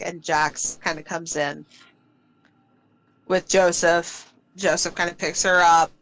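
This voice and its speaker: A woman narrating as game master of a tabletop role-playing game, telling the scene softly and unhurriedly with small fillers. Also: on the low side, clear, resonant tone, poor audio. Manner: soft, unhurried storytelling with fillers.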